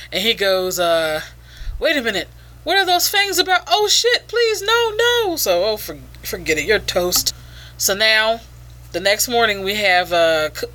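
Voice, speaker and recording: A woman's voice: mid-range voice, pushed and bright. A woman casually reviewing a comic book page by page, with a profane and sarcastic way of talking.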